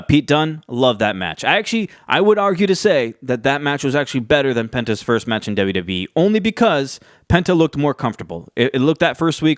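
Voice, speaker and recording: A man's voice: mid-range voice, dry recording, studio quality. A man giving a casual, rambling recap of a wrestling show, with frequent fillers and restarts. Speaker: wrestling commentary YouTuber.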